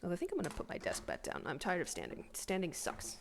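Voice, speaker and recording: A woman's voice: on the low side, huge pitch swings, fast, vocal fry, slight background noise. Chatty sleepy woman streamer. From Canada. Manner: chatty, rambling with many restarts. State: sleepy, yawning. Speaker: artist streaming a commission. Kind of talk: casual livestream chat.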